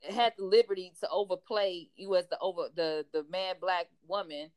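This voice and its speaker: A woman's voice: fairly low pitch, fairly even intonation, moderate pace. A woman hosting a casual interview chat, emphatic and encouraging, using slangy asides. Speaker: host.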